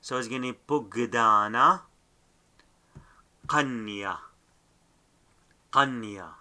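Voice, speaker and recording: Brief: Assyrian-accented male language teacher, unhurried drill delivery, repeats each word. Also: mid-range voice, sharp tone. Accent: Assyrian, Dashtan Ninwe dialect. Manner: says each sound or word, then says it again clearly. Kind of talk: slow spoken lesson with repeated pronunciation drills.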